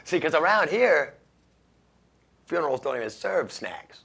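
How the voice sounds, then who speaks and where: A man's voice: fairly high pitch, very animated, measured pace, gravelly, bright, forceful tone, slightly rough. A man hosting a radio show, reading odd news stories and making wry jokes about them, laughing at his own lines. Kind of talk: casual comedic news commentary.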